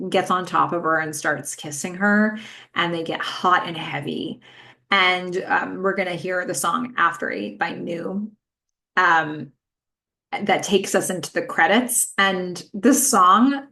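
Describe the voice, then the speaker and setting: A woman with a fairly low, fairly bright voice hosts a podcast, recapping a TV episode in a casual way. She's chatty and frequently uses fillers like "um" and "like."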